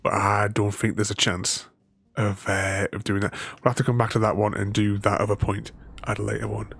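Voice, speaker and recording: Gravelly-voiced male streamer; chuckly, rambling commentary while he plays. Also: fairly low pitch, completely flat delivery, moderate pace, fairly bright tone. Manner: rambling and chuckly, chatting with viewers. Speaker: gaming streamer. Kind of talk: casual live-stream commentary. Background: faint game music.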